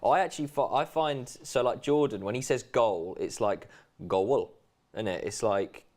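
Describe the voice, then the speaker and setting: A man's voice: medium pitch, lively intonation, moderate pace, darkish tone. A man co-hosting a casual football watchalong, reading out viewer comments, chatty and laughing often. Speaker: co-host reading viewer chat. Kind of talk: casual chat during a match watchalong.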